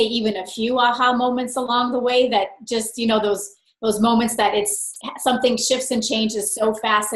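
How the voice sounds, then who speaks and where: Woman guest, bright higher voice, expressive storyteller, laughs easily, roomy sound. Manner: lively, expressive storyteller who laughs often. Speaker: interview guest. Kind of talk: conversational interview.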